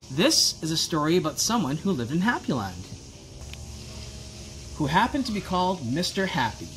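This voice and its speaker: Lively storyteller man reading aloud. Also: a little high, a little hiss or hum. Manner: expressive, playful with repetition.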